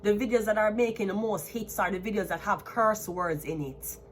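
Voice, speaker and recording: A Jamaican woman in her thirties talks straight to camera, defiant and swearing freely. She slides between thick patois and plainer English. Her voice sits at an ordinary middle pitch for a woman. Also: fairly even intonation, normal speed, slight background noise. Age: 30s. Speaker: tarot reader. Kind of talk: ranting to camera.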